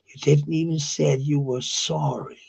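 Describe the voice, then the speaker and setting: A man's voice: a little high, fairly even intonation, measured pace, gravelly, a little mellow, breathy edge. A man with a Danish accent ranting heatedly to camera, swearing and repeating himself. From Denmark. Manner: heated, profane, repetitive ranting. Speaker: vlogger. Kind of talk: angry rant to camera.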